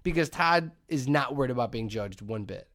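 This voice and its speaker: A man's voice: medium pitch, normal speed, no room sound, clean studio sound. A middle-aged man co-hosting a podcast, telling stories in casual chat and acting out quotes as he goes. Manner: animated storyteller, acts out quotes. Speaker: podcast co-host.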